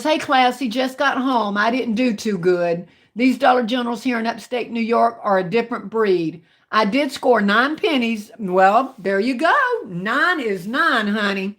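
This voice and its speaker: A woman's voice: on the high side, a bit bright. A woman with a Southern country twang, hosting a casual livestream and chatting with viewers, calling them baby and honey. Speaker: livestream host. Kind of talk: casual live chat reading viewer comments.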